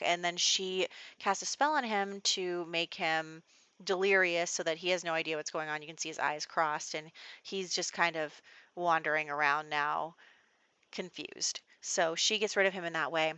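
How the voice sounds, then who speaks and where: A woman's voice: lowish voice, sharp tone, dry recording. A woman narrating a life-simulation game in a casual, chatty way, full of "like" and "you know". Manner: chatty, filler-heavy storytelling. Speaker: gameplay narrator. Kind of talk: casual let's play commentary.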